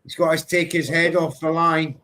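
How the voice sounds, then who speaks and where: A man from Britain co-hosting a live boxing watchalong, excitable and energetic in his play-by-play. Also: fairly high pitch, moderate pace. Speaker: co-host.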